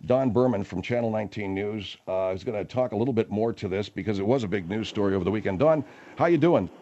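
A man's voice: fairly low pitch, quick pace, highs cut off. A man hosting a comedic radio bit, talking in an exasperated way. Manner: exasperated, animated. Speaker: radio show host.

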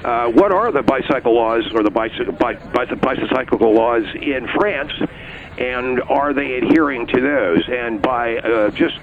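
A man playing an excitable, touchy police officer guest who stammers and flies into outbursts, in a comedy radio bit. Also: mid-range voice, a little slow, narrow, tinny audio, background noise, natural voice. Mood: flustered. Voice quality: stammering, gravelly. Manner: flustered, easily riled, outbursts. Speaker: comedic caller playing a cop.

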